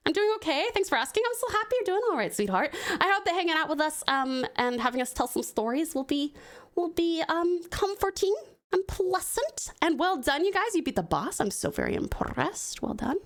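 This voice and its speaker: American woman streamer, bubbly chatter, slightly high, animated delivery. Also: brisk. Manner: bubbly and chatty, often laughing. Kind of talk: live-stream story reading and chat.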